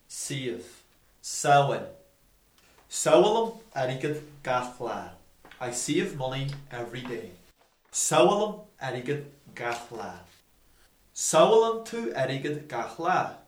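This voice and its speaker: A man reading a scripted language lesson slowly and deliberately, repeating each example. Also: mid-range voice. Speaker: language teacher. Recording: roomy echo.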